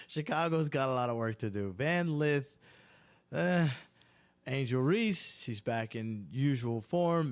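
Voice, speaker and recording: A man's voice: mid-range voice, lively intonation, takes it slowly. A man hosting a sports podcast, freestyling casual banter that rambles, interrupts itself and breaks into angry, profane rants. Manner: profane, ranting, worked up. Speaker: podcast host.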